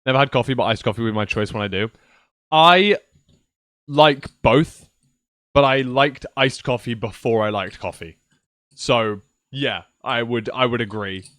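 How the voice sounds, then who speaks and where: A man's voice: medium pitch, a bit bright, no room sound, studio quality. A young man rambling casually to his viewers on a livestream from his computer, swearing now and then. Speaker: streamer. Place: at home at a PC.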